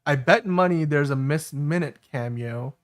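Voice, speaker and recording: A man's voice: on the high side, moderate pace. A man hosting a live-stream show, reading viewer comments in an easygoing way. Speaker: host. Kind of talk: casual live-stream chat.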